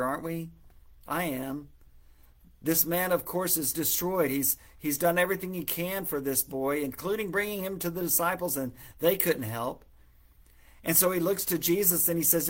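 A man giving a devotional Bible reading and reflection, earnest and gently pleading, acting out the dialogue and dropping soft and low for the prayers. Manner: reads scripture aloud, acting out the dialogue. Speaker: preacher.

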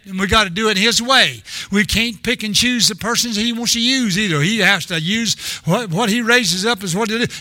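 A man's voice: high-pitched, sharp tone, dry recording. An older man preaching a sermon in a rambling, storytelling way, often restarting his sentences.

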